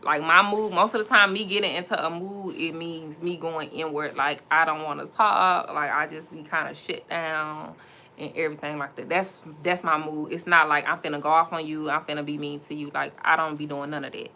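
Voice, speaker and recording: With a low, steady, pushed and bright voice, a young entrepreneur speaks briskly to her livestream viewers while styling a wig, chatting casually and animatedly and laughing often. Slight background noise can be heard.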